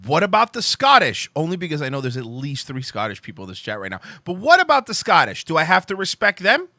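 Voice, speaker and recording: A young man chats loosely with his live-stream viewers, rambling, swearing and laughing as he goes. His voice sits high and swings widely in pitch, with a bright edge. The sound is dry and close. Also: wildly swooping pitch, quick pace, no room sound. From Cuban heritage. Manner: rambling, profane, joking, laughs often. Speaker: livestream host.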